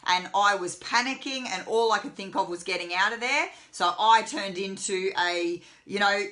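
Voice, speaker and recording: A woman's voice: mid-range voice, normal speed, pushed and bright. A woman horsemanship trainer giving a casual live lesson, chatty with lots of fillers. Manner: chatty, many fillers, voices the horse's thoughts.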